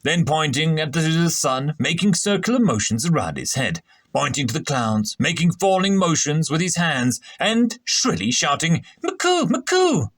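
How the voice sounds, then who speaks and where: A man reads a story aloud in a storytelling style, his pitch a shade higher than average. His intonation rises and falls in an animated, expressive way. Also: normal speed, no room sound. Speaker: story narrator. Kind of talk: storytelling narration.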